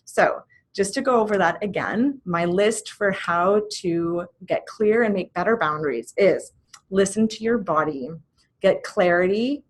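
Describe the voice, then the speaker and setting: A woman in her thirties giving a casual spoken talk, gentle and reflective, with soft laughs slipping into her sentences. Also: on the low side. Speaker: host.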